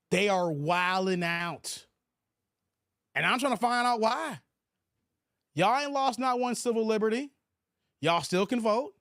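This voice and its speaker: A man's voice: sits high, a bit bright, no room sound, studio quality. A man hosting a casual livestream, chatting loosely and reading viewer comments aloud. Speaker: livestream host.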